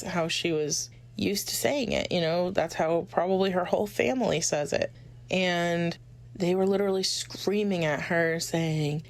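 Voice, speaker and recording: A young woman casually recounting her school memories in a loose, conversational way, with many pauses and fillers. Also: lowish voice. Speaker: former student interviewee.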